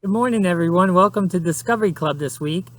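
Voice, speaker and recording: A man who teaches at a nature center, greeting kids and starting a casual lesson in a friendly, easygoing way with hesitant pauses. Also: high-pitched.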